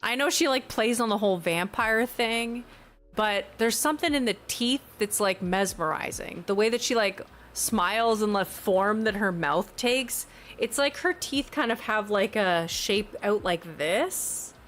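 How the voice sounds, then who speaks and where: A woman's voice: mid-range voice, unhurried, a bit bright, a little hiss or hum. A young woman streaming from home, chatting casually with her chat in a rambling, giggly way that keeps correcting itself. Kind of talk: casual livestream chat, reacting to chat. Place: home, newly moved in.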